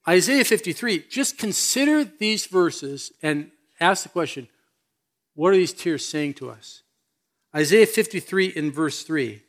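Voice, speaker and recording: A man's voice: fairly high pitch, lively intonation, unhurried, fairly bright tone. A man preaching a sermon as pastor, reading scripture and speaking earnestly with questions to his listeners.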